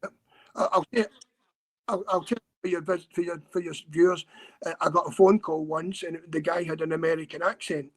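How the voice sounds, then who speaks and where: A man from Scotland, a guest on a podcast interview, telling his story earnestly with many halting repeats and restarts. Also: on the high side, steady tone.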